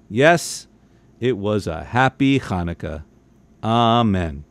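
A man, a cantor, reading a bedtime story aloud with lively, expressive delivery, jumping into high excited voices for the characters' lines. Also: a little slow, clean tone, dry recording. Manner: jumps into high excited voices for family members' quotes.

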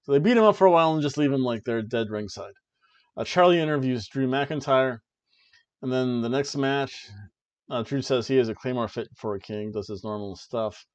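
A man co-hosting a podcast, casually recapping a wrestling show in an excited play-by-play way with jokey asides. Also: medium pitch, normal speed, highs cut off. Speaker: podcast co-host.

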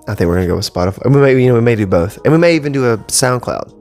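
A man's voice: medium pitch, lively intonation, rapid-fire, a little mellow, faint music behind. A man in his thirties hosting a casual solo podcast from home, talking bluntly with lots of swearing and rambling asides. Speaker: podcast host. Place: home studio with cables. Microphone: podcast mic.

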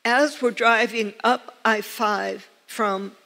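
Taking it slowly in a steady, fairly high voice that's gravelly with a sharp tone, an older American woman preaches. She is a pastor recounting personal stories through earnest, emphatic repetition, recorded with long reverb in a church sanctuary.

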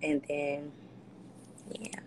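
A woman's voice: low voice, extremely slow, a little hiss or hum. A young woman, a reality show guest talking candidly and loosely in a casual livestream interview over a phone. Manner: candid, loose, animated with slang. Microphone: phone on a live video call.

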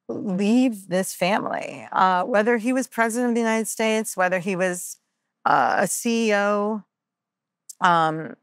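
A woman's voice: medium pitch, no room sound, clean studio sound. A woman guest on a podcast telling a personal story candidly and earnestly, with many ums and uhs, and acting out the lines of people in it. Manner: earnest, lots of ums and uhs, acts out quoted dialogue.

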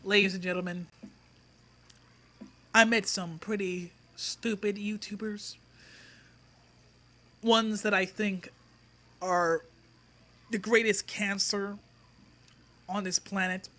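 Slow, sneering high-voiced man. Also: fairly even intonation, bright, forceful tone. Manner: sneering, insulting, drawn-out pauses. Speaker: YouTube commentator. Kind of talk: mocking response-video rant.

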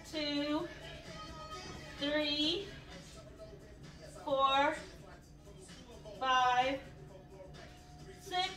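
Chatty woman vlogger counting reps at home, a touch out of breath; bright voice, recorded from across an echoey room. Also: high voice, recorded from a distance. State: a little out of breath. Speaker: vlogger doing a home workout. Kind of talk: casual workout vlog with rep counting.

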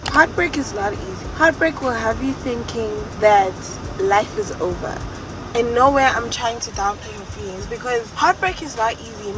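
A woman's voice: on the high side, poor audio. Candid young woman vlogging. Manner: candid, emotional storytelling. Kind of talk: storytime vlog.

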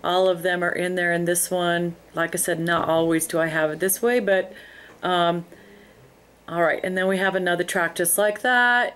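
A woman talks through a screen-recorded tutorial in a fairly low voice. She explains each step in an unhurried way, pausing often on ums as she goes. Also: a little hiss or hum. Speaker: music software instructor.

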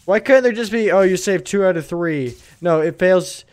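A man's voice: sits high, moderate pace. A young man co-hosting a casual let's-play, ranting and swearing in exasperation at the game. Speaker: gamer co-host.

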